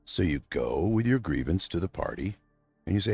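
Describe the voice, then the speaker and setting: A man's voice: low voice, sing-song, moderate pace, a little mellow, breathy edge, dry recording, faint music behind. A middle-aged man hosting an unscripted livestream. He rambles heartfelt and close to tears, and speaks straight to his absent wife. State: near tears. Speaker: livestream host. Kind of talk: unscripted emotional monologue.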